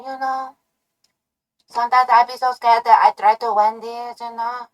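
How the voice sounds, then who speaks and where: A woman streamer doing chaotic ASMR trolling, playful and nonsensical, swinging from soft murmurs to sudden shouts. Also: a little high, level tone, moderate pace, low-quality recording.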